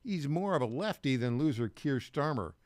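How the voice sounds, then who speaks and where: Animated talk radio host, a man. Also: mid-range voice, normal speed, dry recording. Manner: animated, sarcastic asides. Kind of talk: talk radio news rundown. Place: radio studio.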